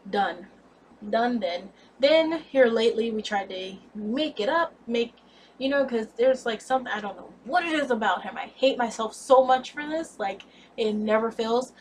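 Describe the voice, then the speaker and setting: A young woman in her twenties telling a candid, blunt storytime vlog about a breakup, expressive and cursing freely. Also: fairly high pitch, moderate pace, recorded from a distance, a little hiss or hum. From United States. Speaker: vlogger.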